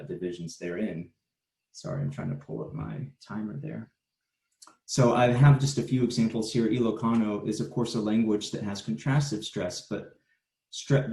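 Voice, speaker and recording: Man, academic presenter, measured and explanatory, warm low voice, roomy recording with faint hum. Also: creaky. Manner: measured, explanatory, with frequent fillers and restarts. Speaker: conference presenter. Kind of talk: academic conference talk.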